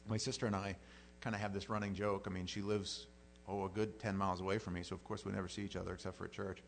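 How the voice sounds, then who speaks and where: A man's voice: lowish voice, vocal fry, slight background noise. A middle-aged male pastor giving a plain-spoken, conversational sermon and often acting out the voices he quotes.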